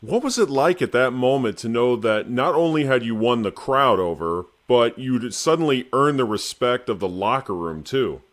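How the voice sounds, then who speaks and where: A man's voice: medium pitch, very animated, normal speed, few pauses. A man interviewing a guest, asking long, probing questions.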